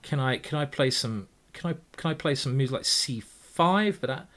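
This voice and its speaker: A man's voice: medium pitch, expressive, moderate pace, fairly bright tone. Chatty English man thinking aloud. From England. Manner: chatty, jokey, thinks aloud over moves, swears casually. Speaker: chess grandmaster streamer. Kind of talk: live chess commentary.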